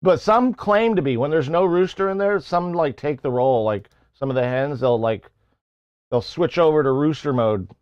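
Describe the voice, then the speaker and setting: A man's voice: fairly high pitch, normal speed, a little mellow, clean tone, dry recording, lo-fi sound. A man hosting a livestream, rambling through a casual story with plenty of swearing. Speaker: livestream host. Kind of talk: casual chat.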